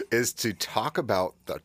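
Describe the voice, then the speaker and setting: A man's voice: mid-range voice, expressive, takes it slowly, a bit bright, dry recording. A man co-hosting a podcast, chatting casually and laughing often as he tells a story. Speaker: podcast co-host. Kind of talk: casual chat.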